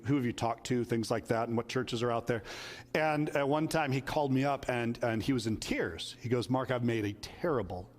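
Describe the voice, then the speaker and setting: A man's voice: medium pitch, long reverb tail. A male pastor preaching a sermon, telling stories in a conversational way and acting out the quotes. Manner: conversational storytelling with acted quotes.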